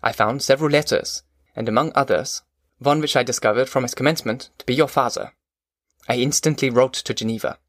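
A man voicing a kindly but stern middle-aged magistrate in an audiobook, formal and measured. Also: medium pitch, fairly bright tone, no echo, clean studio sound, lightly acted. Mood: explaining. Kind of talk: audiobook character voice.

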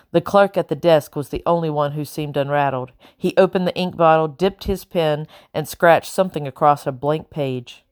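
A woman with a low-pitched voice narrates a novel for an audiobook, reading from a script in a measured, even storytelling style. The clean studio recording has no echo at all.

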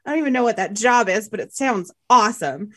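A woman's voice: on the high side, expressive, quick pace, pushed and bright. A woman co-hosting a movie podcast in casual chat, playful and giggly as she reads out names. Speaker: podcast co-host.

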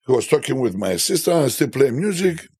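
Animated husky man telling stories. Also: medium pitch, brisk, dry recording, studio quality. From Cyprus. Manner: animated, tells stories by acting out quoted voices. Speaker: DJ guest. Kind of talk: casual storytelling interview.

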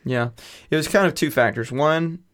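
A man's voice: a little high, moderate pace, a bit bright. A young man co-hosting a podcast in casual, joking, rambling chat. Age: young adult. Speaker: podcast co-host.

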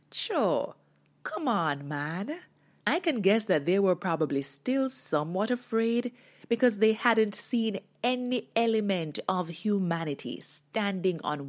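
A woman's voice: medium pitch, sing-song, slow. A woman hosting a devotional talk, delivering her message with dramatic storytelling. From Jamaica. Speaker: host. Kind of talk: devotional sermon.

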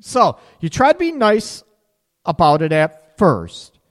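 Animated sarcastic male radio host. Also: high-pitched, takes it slowly, in a large hall. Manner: animated, sarcastic, acts out quoted partners. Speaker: radio show host and counselor. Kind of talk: radio advice talk.

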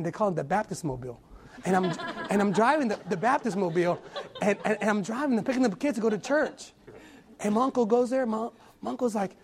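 A man's voice: high voice, fast talker. A young adult man giving an earnest sermon testimony, often repeating and restarting his words.

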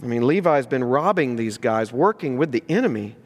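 A male pastor preaching a sermon, lively and emphatic, asking rhetorical questions and dropping low and earnest for serious points. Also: brisk. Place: church sanctuary. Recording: long hall reverb in a church.

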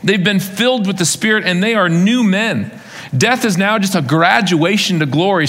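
A man's voice: a little high, a bit bright. A male pastor preaching a sermon to his congregation in a church, in a conversational way that mixes rhetorical questions with vivid retelling. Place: church sanctuary. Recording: long reverb of a large hall.

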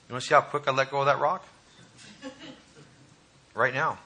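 A man preaching a sermon to a congregation, reading scripture and commenting with dramatic emphasis and pauses. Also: mid-range voice, fairly even intonation, pushed and bright. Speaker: pastor. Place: church hall.

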